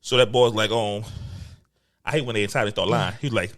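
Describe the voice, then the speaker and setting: Fast-talking man. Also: lowish voice. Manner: animated, profane, acts out quotes. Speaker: podcast co-host. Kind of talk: casual storytelling chat.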